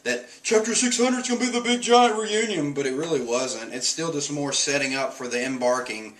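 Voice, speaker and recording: Male streamer, bright tone, chatty chapter recap that jumps into squeaky impressions. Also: fairly quick, rough recording. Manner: animated, jumps into squeaky voices for quotes. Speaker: host reviewing manga chapters. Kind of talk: casual recap with quick character voices.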